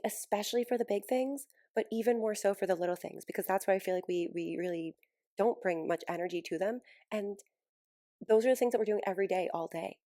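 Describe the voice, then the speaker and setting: A woman's voice: mid-range voice, warm tone, no room sound, clean studio sound. A woman hosting a casual solo podcast, gushing and enthusiastic, laughing often between thoughts. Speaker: podcast host and healing coach.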